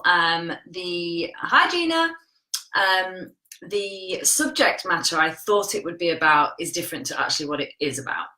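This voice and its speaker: A woman's voice: on the low side, sharp tone, echoey room, low-quality recording. A woman hosting a casual live stream, chatting and greeting viewers by name as she tells a story. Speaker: host of a live coaching stream.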